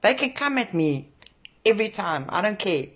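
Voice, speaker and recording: A woman's voice: medium pitch, very animated, normal speed, slightly rough. Furious woman ranting. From South Africa. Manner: furious, swearing, emphatic repetition. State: emotionally shaken. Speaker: protest organiser. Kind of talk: angry direct-to-camera rant.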